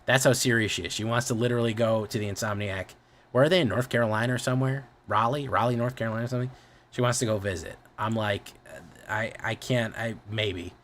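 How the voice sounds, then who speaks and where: A man's voice: on the low side, quick pace, fairly bright tone. A man streaming, chatting casually, rambling and often correcting himself, with a lot of swearing.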